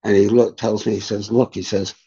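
A man's voice: on the low side, little pitch movement, brisk, dark tone, slightly rough. An older man, a spiritual teacher, telling reflective stories unhurriedly as a guest in an interview. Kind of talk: storytelling in a podcast interview. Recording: dull lo-fi sound.

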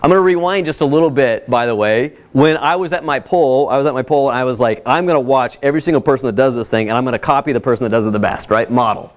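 A man presenting at a workshop, telling a personal story in a casual, animated way with frequent asides to the audience. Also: mid-range voice, fast talker, hardly any pauses. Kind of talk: casual workshop talk with slides.

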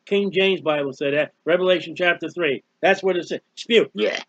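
Scolding high-voiced preacher man. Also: moderate pace, a bit bright, no room sound. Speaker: street preacher. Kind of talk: fiery sermon. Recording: dull, dry lo-fi recording.

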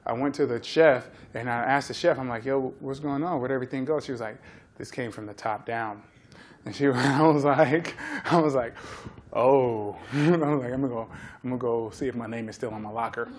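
A man in his thirties giving a talk, telling a lively story and acting out the people in it. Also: mid-range voice. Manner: animated storyteller acting out quotes. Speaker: guest speaker.

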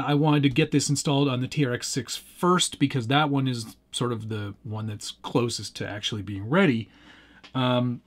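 Man chatting while tinkering at his bench. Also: medium pitch. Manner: relaxed, rambling, chuckles often, answers chat. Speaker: livestream host. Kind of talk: casual live chat while tinkering.

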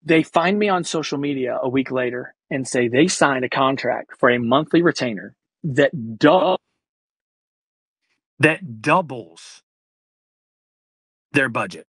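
A man's voice: medium pitch, slow pace, pauses often, breathy edge, dry recording. A man who is an actor and comedian, telling a story animatedly in casual, slangy talk as a podcast guest. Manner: energetic, acts out quoted voices.

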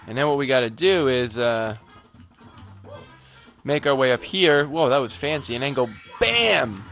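A man's voice: medium pitch, lively intonation, unhurried, creaky, a bit bright, soft background music. A man giving casual gameplay commentary, frustrated and profane, rambling while a bit tipsy. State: tipsy from drinking. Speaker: let's play gamer.

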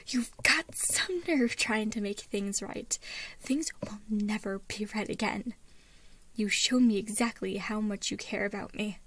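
A woman voicing a defiant young woman scientist, half-whispered and slow, as she reads a fan story aloud. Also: medium pitch, fairly bright tone, slightly rough, dry recording. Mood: bitter.

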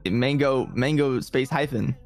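A man's voice: medium pitch, unhurried, no echo. A young man on a casual gaming stream, rambling as he explains things, full of fillers. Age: young adult. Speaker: co-player.

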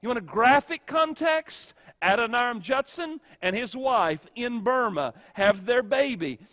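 A man with a high voice preaches in a church sanctuary, leaning hard on key words and letting his delivery swing from loud to hushed. The hall adds a long reverb tail to every phrase. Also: animated. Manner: emphatic preaching with dramatic pauses and shifts in loudness. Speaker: pastor. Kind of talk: sermon.

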